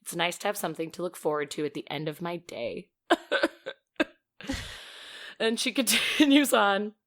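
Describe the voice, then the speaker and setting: A woman co-hosting a podcast in casual chat, chatty and expressive, laughing often as she reads a listener's email aloud. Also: fairly low pitch, normal speed. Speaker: podcast co-host.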